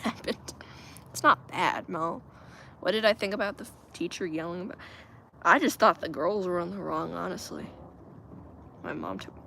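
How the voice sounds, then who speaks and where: A woman's voice: on the low side, pushed and bright, slight background noise. A woman livestreaming from home on her phone, chatting casually with viewers, reading their comments aloud and laughing often. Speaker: livestream host.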